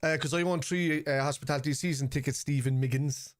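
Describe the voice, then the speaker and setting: A man with a Cork Irish accent, streaming a live football watchalong, chatting casually and shouting at the referee and players. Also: a little high, fairly even intonation, brisk, no echo, studio quality. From Ireland. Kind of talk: live match reaction chat.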